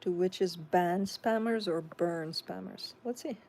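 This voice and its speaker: A woman with a Chicago accent chats through viewer comments on her live stream. Her voice sits low and gravelly with plenty of fry, over a faint background hum. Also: slow, darkish tone. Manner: chatty, reads viewer comments aloud and answers them. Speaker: tarot reader hosting a live stream. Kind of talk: casual live-stream chat reading comments.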